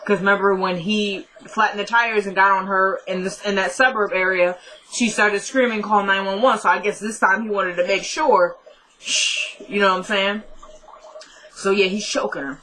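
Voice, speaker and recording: A young woman casually recapping a TV episode, telling it as an animated story and often laughing. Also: mid-range voice, moderate pace, a little hiss or hum, rough recording.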